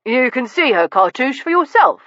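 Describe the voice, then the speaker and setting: Woman doing an eager showy exhibit man, brisk, high-pitched, dull lo-fi. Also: very animated, fairly bright tone, no room sound. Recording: dull lo-fi audiobook recording.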